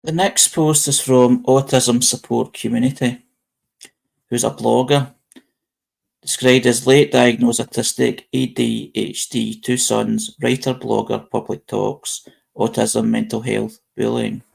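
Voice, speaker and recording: A man's voice: mid-range voice, little pitch movement, a little slow, vocal fry, darkish tone, slightly rough. A British man hosting a casual live-stream chat, reading posts aloud and rambling with restarts. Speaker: host.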